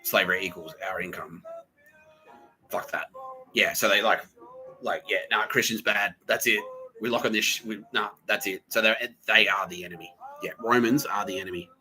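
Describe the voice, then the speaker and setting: A man's voice: sits low, pushed and bright, low-quality recording. A man hosting a podcast, talking in a rambling, profane comedic monologue full of fillers and restarts. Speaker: podcast host.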